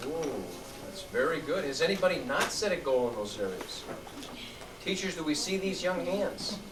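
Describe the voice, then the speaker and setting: A man's voice: on the high side, animated, moderate pace. Upbeat middle-aged man coaching kids. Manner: upbeat, encouraging, calls out to students. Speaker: youth program instructor. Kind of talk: classroom coaching. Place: large room with student tables. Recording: echoey room recorded from far, noisy.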